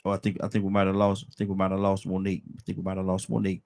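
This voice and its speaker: A man hosting a casual talk show, prompting his guests with questions and steady affirmations. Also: deep voice, very fast, gravelly. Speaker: host.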